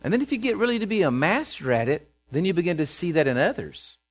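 A man preaching at a church pulpit, his voice sitting high and swinging widely in pitch. He talks in plain, homespun phrases and jumps into the voices of the people in his stories. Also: quick pace. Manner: animated, acts out voices of people he quotes. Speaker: pastor. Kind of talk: sermon.

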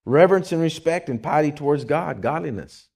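A man's voice: on the high side, animated, a little fast, gravelly, a little mellow. A man who is a pastor, preaching a conversational sermon in a church, with rising bursts of energy.

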